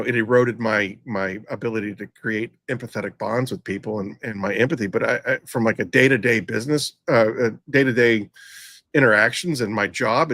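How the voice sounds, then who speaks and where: A middle-aged man tells a grim work story in loose podcast chat, often restarting his sentences and circling back. His voice sits at an ordinary pitch for a man. The recording is dry and close, with little room sound. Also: fairly bright tone, no room sound. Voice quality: rambling, frequent restarts and fillers. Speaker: podcast host, former EMT. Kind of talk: casual storytelling.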